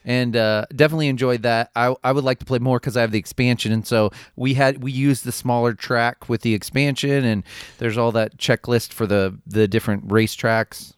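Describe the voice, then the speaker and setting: A man with a mid-pitched, smooth, clear voice chats easily on a podcast. He talks in a relaxed way. The recording is close and dry. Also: a little fast, no room sound. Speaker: podcast co-host. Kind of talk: casual chat.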